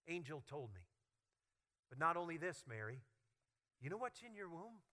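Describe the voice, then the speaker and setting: A man's voice: fairly high pitch, very animated, moderate pace, pushed and bright. A male pastor playing Joseph, an earnest young carpenter, eagerly telling his bride news in a sermon role-play.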